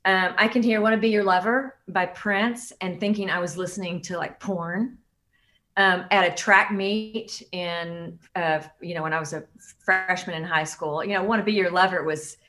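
A woman's voice: fairly low pitch, steady tone, moderate pace, pushed and bright. A middle-aged woman, a musician, chatting casually and reminiscing. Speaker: guest, musician. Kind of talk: casual chat.

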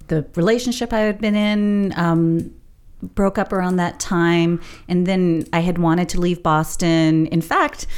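A middle-aged woman telling a personal story in a casual, rambling, reflective way, laughing now and then. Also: fairly low pitch. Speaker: storyteller sharing her spiritual journey.

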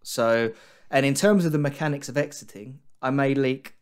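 A man's voice: medium pitch, moderate pace, smooth. Chatty man trading banter. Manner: chatty, teasing, thinks aloud with fillers. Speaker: guest trader. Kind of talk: casual podcast chat.

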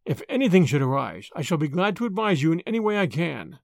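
A man reading the part of a grave, kindly older lawyer who speaks in a measured way. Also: fairly high pitch, sing-song, creaky, dry recording, studio quality. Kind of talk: audiobook character reading.

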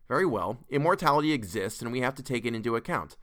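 A man playing a brisk, confident young man who speaks bluntly and firmly. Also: medium pitch, lively intonation, a bit bright, natural voice.

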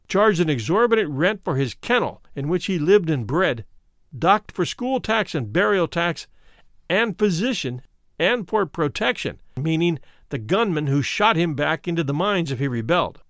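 A man narrating a first-person memoir as an audiobook in a measured, solemn manner. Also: fairly high pitch, dry recording, clean studio sound.

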